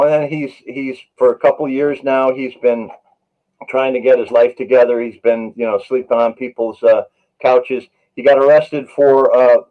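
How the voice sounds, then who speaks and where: In a podcast interview, a man who works as a paramedic and writes shares earnest on-the-job stories, sprinkling in plenty of "you know." His voice is mid-range, captured in narrow, tinny audio.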